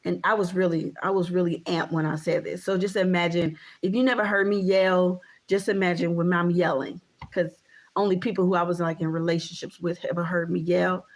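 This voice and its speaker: A woman's voice: fairly low pitch, little pitch movement, fairly quick. A woman in her thirties ranting casually to camera as a vlogger, emphatic and repetitive, with frequent swearing. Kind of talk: casual vlog rant.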